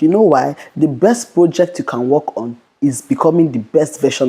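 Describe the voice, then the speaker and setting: A young adult woman vlogger giving a fast, bold motivational Christian talk to camera, often repeating "okay". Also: very deep voice, lively intonation, mellow, breathy edge.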